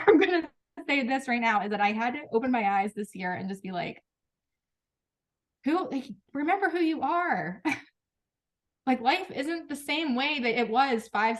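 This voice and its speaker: A woman in her thirties speaking frankly and emotionally to her team on a group video call, with quick restarts and laughs. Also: a little high. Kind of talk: candid motivational talk.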